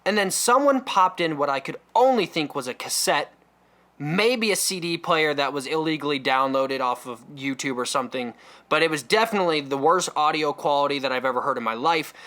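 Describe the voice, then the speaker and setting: Animated, bright-voiced man telling stories. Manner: animated, acts out other people's voices with big pitch jumps. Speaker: comedy podcast host. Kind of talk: comedic storytelling.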